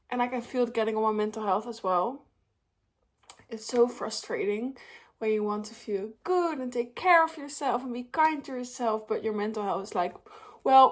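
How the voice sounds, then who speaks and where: A young woman with a slightly high voice vlogs from home in a loose, confiding way. She sounds worn out and near tears, and she fills pauses with "um" and "like". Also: darkish tone, slightly rough. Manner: open and emotional, many fillers. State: tired and tearful. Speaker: vlogger. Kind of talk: casual talk to camera.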